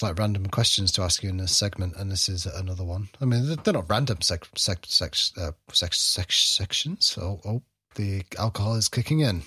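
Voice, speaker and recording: A man's voice: fairly low pitch, fairly bright tone, husky. A man who co-hosts and produces a podcast and talks in a rambling, hesitant, self-mocking way. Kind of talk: casual banter.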